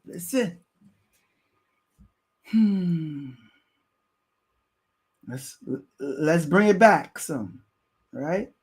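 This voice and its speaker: A man's voice: on the high side, expressive, extremely slow, pauses often, a little mellow. A man reacting to a news clip on a live stream, preaching at his viewers and repeating himself to drive each point home.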